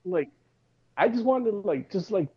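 A man's voice: high-pitched, lively intonation, moderate pace, crowd noise. A man hosting a podcast in casual chat, rambling and hesitant with lots of restarts. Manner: rambling, full of fillers and restarts. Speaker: podcast host. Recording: slightly dull lo-fi sound.

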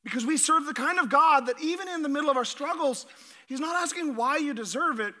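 A middle-aged man preaches with a high, sharp, bright voice. He is energetic, restarts and repeats his words, and keeps asking the congregation questions. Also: brisk. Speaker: pastor. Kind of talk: sermon.

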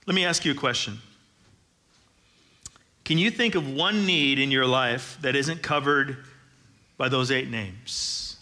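A man's voice: mid-range voice, a little slow, long pauses, bright, forceful tone. A middle-aged man preaching a sermon as pastor, conversational with joking asides, building to emphatic declarations.

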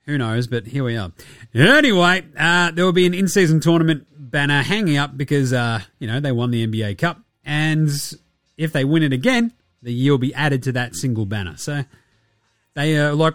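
An Australian man with a fairly high voice, riffing through basketball news in a loose, sweary and sarcastic way. He keeps slipping into mocking put-on voices for the players and reporters he talks about. The sound is dry and close, with faint music underneath. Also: lively intonation, moderate pace, fairly bright tone, dry recording. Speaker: podcast host. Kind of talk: casual sports commentary.

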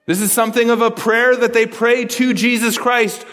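A man's voice: very high-pitched, level tone, normal speed, fairly bright tone, long reverb tail. A male pastor preaching a sermon, earnest and explanatory, often repeating words as he works through a passage.

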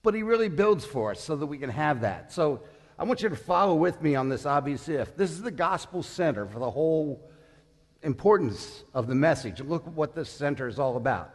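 A man's voice: a little high, animated, a little fast, long reverb tail. A man in his sixties preaching a sermon as pastor, conversational, putting questions to the congregation. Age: 60s.

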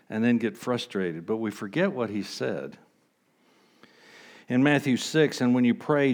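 A man preaching a sermon as pastor, conversational, asking the congregation rhetorical questions and swinging between hushed and emphatic delivery. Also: on the high side.

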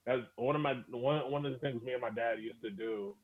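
A man's voice: mid-range voice, a little fast. A young man from Texas co-hosting a podcast in loose, rambling casual chat, swearing freely and full of fillers. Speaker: podcast co-host. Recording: tinny phone-like sound.

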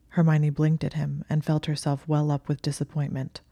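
An audiobook narrator reading fiction in a calm, even storytelling manner. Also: mid-range voice, normal speed, gravelly, few pauses, no room sound. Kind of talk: scripted narration of fan fiction.

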